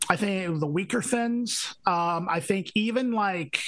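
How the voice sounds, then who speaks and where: A man's voice: sits high, a little slow, a bit bright. A man co-hosting a music podcast in casual chat, rambling and full of fillers as he hunts for words. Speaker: podcast co-host.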